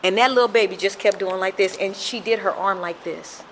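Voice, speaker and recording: A woman's voice: mid-range voice, fairly quick, a little hiss or hum, low-quality recording. A middle-aged woman sharing a personal recovery testimony in an earnest storytelling manner, acting out the voices she quotes.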